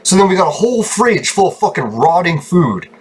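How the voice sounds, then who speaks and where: A man's voice: sits high, very animated, fairly quick, slightly rough. A man streaming a game from his room at home, ranting angrily and swearing constantly as he rambles on. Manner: angry, heavy swearing, rambling. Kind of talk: ranting casual stream talk.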